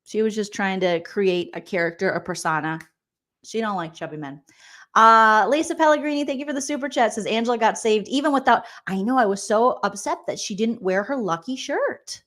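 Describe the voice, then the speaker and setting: A woman in her forties hosting a casual comedic recap of a reality show, reading viewer comments and making quick, joking asides. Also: medium pitch, lively intonation, fairly bright tone. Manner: chatty, jokey, quick asides and mock voices.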